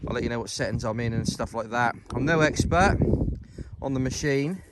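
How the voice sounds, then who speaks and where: A man's voice: mid-range voice, brisk, very noisy. A British man vlogging outdoors in a field as he goes metal detecting. He talks to his viewers in a chatty, upbeat way and calls them ladies and gents. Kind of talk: casual outdoor walk-and-talk vlog.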